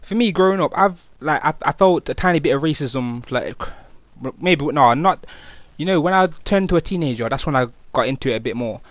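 A man's voice: fairly high pitch, lively intonation, brisk, a bit bright, no echo. A young man with a Nottingham accent speaking casually in street slang, with many fillers and restarts. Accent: Nottingham, East Midlands English. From England. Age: young adult. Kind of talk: casual personal testimony.

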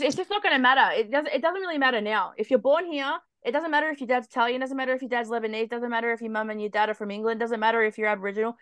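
Higher-voiced rambling Australian woman. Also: a bit bright, no echo. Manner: rambling, lots of fillers like "like". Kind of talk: casual group chat.

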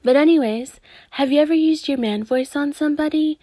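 A young adult woman podcaster, ranting casually and profanely about dating, with lots of swearing and animated jumps in tone. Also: high voice, a little fast, dry recording.

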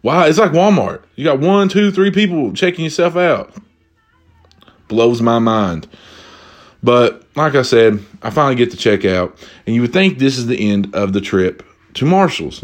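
A young man telling a comedic story casually, profane and animated, jumping from high exclamations to low asides. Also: normal speed. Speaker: vlogger.

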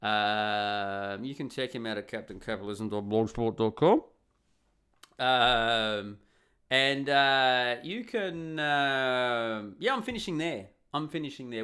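A man's voice: medium pitch, sharp tone, clear, resonant tone. A man hosting a podcast in a casual, rambling way, muttering and humming to himself as he searches through comments. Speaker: podcast host.

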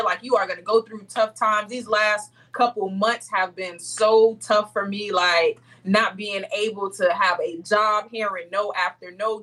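Bright-voiced young woman, heartfelt. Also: medium pitch, poor audio. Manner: expressive, heartfelt, laughs often. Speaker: interview guest. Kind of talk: casual interview chat.

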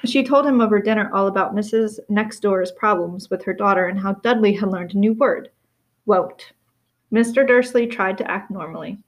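A woman reading a novel aloud in steady storytelling, with small slips and restarts. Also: medium pitch, fairly quick, hardly any pauses. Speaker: reader.

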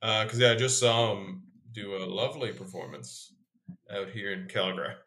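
A man's voice: lowish voice, moderate pace, bright, forceful tone. A young man co-hosting a podcast, chatting casually and arguing his points with playful enthusiasm. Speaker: podcast co-host. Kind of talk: casual banter. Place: home podcast setup in Calgary.

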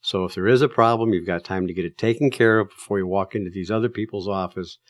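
A man's voice: deep voice, fast, dry recording, clean studio sound. A man giving casual, emphatic advice to drivers, telling stories in a plain-spoken way with plenty of fillers.

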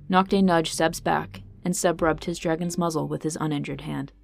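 A woman's voice: deep voice, steady tone, normal speed, creaky, few pauses, a little mellow. A woman narrating a fantasy story podcast in a dramatic, tense storytelling manner. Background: faint guitar music.

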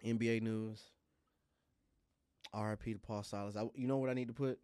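A man co-hosting a sports podcast, playful and animated, repeating lines for emphasis. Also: fairly low pitch, a little fast, smooth, no echo, studio quality. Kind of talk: casual sports chat.

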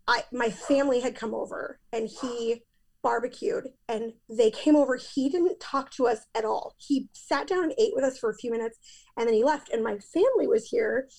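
A woman's voice: a little high, vocal fry, darkish tone. A woman in her thirties, a podcast guest, telling a painful personal story in a candid, emphatic way.

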